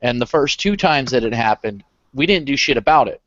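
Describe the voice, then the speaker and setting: A relaxed American man talks things over in a casual chat, agreeable and full of fillers. His pitch is mid-range. The sound is dull and dry, like a voice call. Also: fairly quick, dry recording. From United States. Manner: laid-back, agreeable, filler-heavy.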